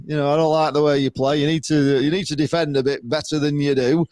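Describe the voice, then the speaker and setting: A man putting on a Yorkshire accent to play a blunt, gruff older football manager. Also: a little high, steady tone, fast talker, a little mellow, dry recording, clean studio sound, close to an everyday voice. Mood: scolding. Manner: blunt, scolding.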